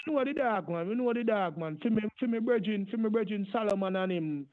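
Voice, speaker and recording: Fast-talking in a high voice full of lively intonation, a scambaiter plays a bragging Jamaican hustler with heavy fake patois over a tinny phone line. He insists and rambles on at length, leaning again and again on "my father" and "brother."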